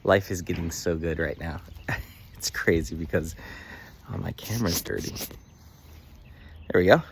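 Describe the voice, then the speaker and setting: Deep-voiced earnest man vlogging outdoors. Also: normal speed, creaky, noisy background. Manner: earnest, emotional, many fillers. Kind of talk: casual daily vlog. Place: outdoors in the sun.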